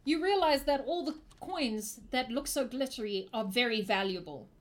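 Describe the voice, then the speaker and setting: A woman's voice: fairly high pitch, expressive, normal speed. A young woman narrating as game master of a tabletop game, playful and teasing.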